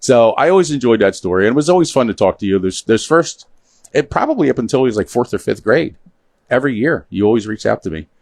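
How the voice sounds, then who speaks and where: A man's voice: mid-range voice, animated, fast talker, gravelly, darkish tone, no echo. A man hosting a casual studio chat, telling stories. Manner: storytelling, joking, reads viewer comments aloud. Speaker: show host. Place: small studio.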